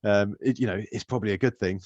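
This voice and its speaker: A laid-back man co-hosting a casual podcast, swearing easily and laughing often. His voice sits fairly low. It comes through a dull, slightly muffled mic in a dry space. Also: fairly even intonation, fast, darkish tone, no room sound. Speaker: podcast co-host. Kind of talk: casual chat.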